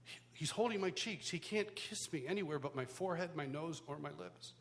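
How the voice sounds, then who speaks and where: A man teaching at a worship school, telling a personal story in sermon style with animated, self-mocking humor, recorded live in a church hall. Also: fairly high pitch, brisk. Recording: live hall reverb, faint background noise.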